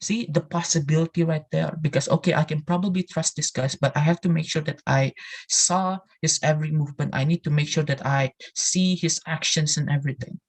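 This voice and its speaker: A man's voice: fairly high pitch, steady tone, a little fast. A man presenting in a live English class, talking earnestly to his listeners and repeating phrases as he restarts his sentences. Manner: addresses listeners directly with "you know" and "right". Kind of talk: motivational talk.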